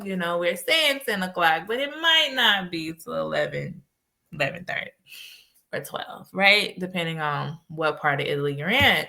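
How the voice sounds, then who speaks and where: Casting: woman host, lowish pitch but bright tone, chatty storyteller. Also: normal speed, creaky. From United States. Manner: animated storytelling with laughs. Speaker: podcast host and life coach. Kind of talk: casual solo podcast talk.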